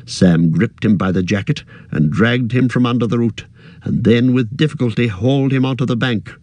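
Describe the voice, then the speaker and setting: Male audiobook narrator, mid-pitched, measured, dry studio sound. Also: darkish tone, no echo.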